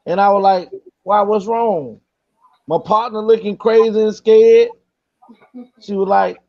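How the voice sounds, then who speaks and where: Host, male, high voice, animated storyteller, slightly muffled audio. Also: moderate pace. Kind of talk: casual storytelling chat. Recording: slightly dull lo-fi sound.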